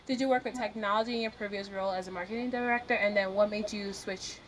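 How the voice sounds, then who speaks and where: A woman co-hosting a tech interview who asks quick, soft-spoken follow-up questions. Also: medium pitch, steady tone. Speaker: tech journalist, co-host.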